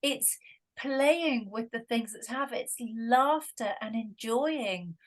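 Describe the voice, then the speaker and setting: A woman's voice: on the high side, animated, slow pace. A middle-aged woman with a Scottish accent, a guest chatting casually and telling stories, often laughing as she talks. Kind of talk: casual conversation.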